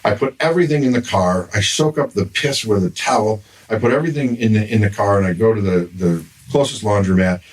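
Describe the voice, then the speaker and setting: A man's voice: fairly low pitch, a little fast, few pauses. An older man, a grandfather, telling a long exasperated story in casual podcast chat. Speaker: podcast guest. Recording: somewhat distant mic with faint noise.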